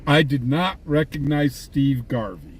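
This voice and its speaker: Unhurried and animated, a medium-pitched man hosts a live stream from his vehicle, telling casual anecdotes and laughing at his own stories. He is a scanner chaser and livestream host. Faint noise from the vehicle and surroundings lingers underneath.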